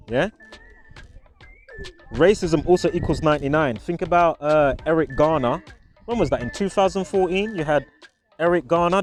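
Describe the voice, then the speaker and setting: A man's voice: a little high, a little mellow. Chuckling man rambling outdoors. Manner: chuckling often, chatty with restarts. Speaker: vlogger. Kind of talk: casual commentary to camera. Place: outdoors in a park.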